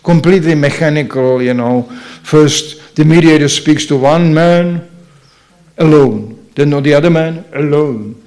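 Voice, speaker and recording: A man's voice: on the high side, measured pace, a little mellow. Slovenian-accented man giving a spiritual talk. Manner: storytelling, acts out quoted voices. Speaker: speaker at a temple program.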